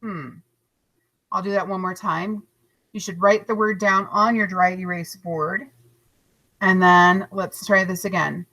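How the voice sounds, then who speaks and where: A woman teaching a third grade class in a recorded lesson, patient and encouraging, stretching words out slowly to split their syllables. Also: medium pitch, fairly even intonation, sharp tone, poor audio. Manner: slow, overarticulated syllables and spelling.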